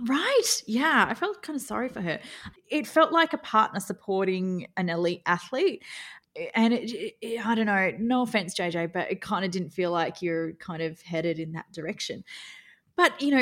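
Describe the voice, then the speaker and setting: A woman's voice: mid-range voice, animated, normal speed, a bit bright. A woman co-hosting a podcast, talking frankly with lots of fillers and laughing often. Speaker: podcast co-host. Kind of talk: casual review chat.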